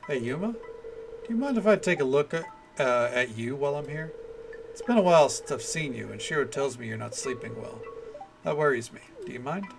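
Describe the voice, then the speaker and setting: A man voicing a calm, caring male town doctor who speaks gently and reassuringly, with lo-fi music in the background. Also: mid-range voice, fairly quick, gravelly. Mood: gentle.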